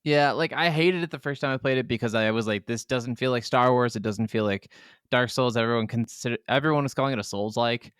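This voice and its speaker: A man's voice: medium pitch, a little fast, a bit bright, smooth, no echo, clean studio sound. A man co-hosting a casual gaming podcast from a home setup, rambling and profane in a laid-back way. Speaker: podcast co-host.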